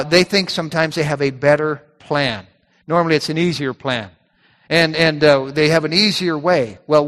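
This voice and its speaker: A fairly high-voiced man preaches a sermon in a church sanctuary, with his words trailing off into a long hall reverb. He talks in a conversational way, doubling up on words as he goes, and slows right down when he reads scripture. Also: fairly bright tone. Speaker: pastor.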